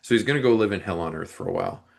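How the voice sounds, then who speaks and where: A man with a fairly low voice talks through a film plot in a casual podcast chat. He rambles, restarts sentences and often clears his throat. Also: lively intonation, rapid-fire. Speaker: movie review podcast co-host. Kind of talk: casual movie discussion.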